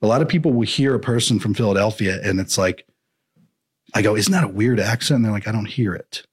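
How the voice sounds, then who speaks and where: Husky, rambling man in casual chat. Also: lowish voice, fast. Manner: rambling, playful, slips into mock accents. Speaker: podcast co-host.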